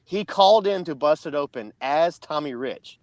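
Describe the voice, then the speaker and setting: A man's voice: fairly high pitch, lively intonation, normal speed, very noisy. A man co-hosting a podcast, telling a long story in a casual, rambling way. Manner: rambling storyteller, many restarts. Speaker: podcast co-host.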